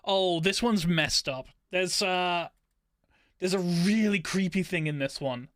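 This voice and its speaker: A streamer talks through their editing in a loose, self-directed mutter and swears offhandedly. The voice sits at a middling pitch, and the sound is dry with no room echo. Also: slow, fairly bright tone. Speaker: live streamer. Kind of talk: casual chat while editing videos.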